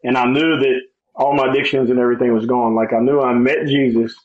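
A middle-aged man telling his life story in a casual, animated way, acting out the people he quotes and laughing often. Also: medium pitch, quick pace. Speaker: guest sharing testimony. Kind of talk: conversational testimony. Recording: slightly dull, lo-fi sound.

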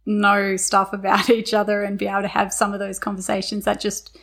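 A woman's voice: mid-range voice, completely flat delivery, a little fast, vocal fry, fairly bright tone. A woman co-hosting a podcast in casual chat, agreeable and chatty, often restarting her sentences. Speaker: podcast co-host.

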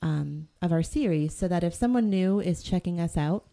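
A woman's voice: fairly low pitch, animated, normal speed, creaky, warm tone. A middle-aged woman from the Boston area co-hosting a podcast, chatting at length about the show's plans. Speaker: podcast co-host. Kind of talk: casual podcast chat.

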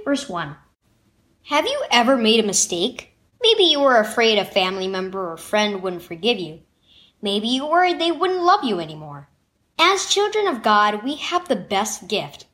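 A woman narrating a children's devotional story in an expressive, sing-song storytelling way. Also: fairly high pitch.

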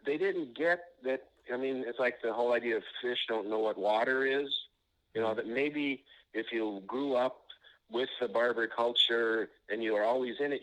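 A man's voice: mid-range voice, fairly bright tone, dull audio. A man being interviewed as an author, telling anecdotes in a rambling way, often restarting sentences and filling gaps with "you know.".

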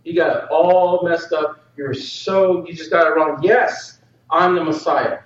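A man's voice: a little high, unhurried, pitched below the performer's own voice, close to an everyday voice. A man preacher voicing a laid-back male teacher who sets his friends straight in easygoing slang. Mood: reassuring. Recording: roomy hall, distant dull mic.

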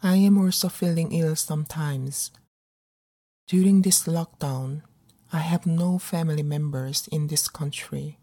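A middle-aged woman actor performing a dramatic monologue in an earnest, pleading, measured way. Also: deep voice, steady tone, dark tone. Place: living abroad as a migrant in a big city.

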